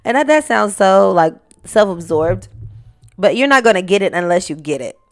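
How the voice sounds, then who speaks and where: A young woman hosting her own podcast, talking straight to the listener in an animated, casual way and now and then singing a line. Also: mid-range voice, normal speed, faint music behind. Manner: animated, talks to listener directly, sings snippets. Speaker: podcast host. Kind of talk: casual solo podcast talk.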